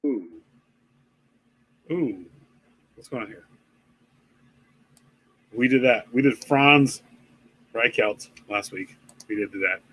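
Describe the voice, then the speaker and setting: A man's voice: medium pitch, takes it slowly, pauses often, a bit bright, husky, rough recording. A man co-hosting a casual live-streamed podcast, rambling with many fillers and swearing often. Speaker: podcast co-host.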